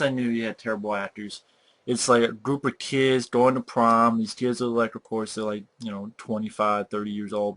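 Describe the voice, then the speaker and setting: A man rants through a movie review in an exasperated, profane way, swearing often. His voice sits at an ordinary middle pitch and jumps up when he is outraged. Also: pushed and bright. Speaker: film reviewer.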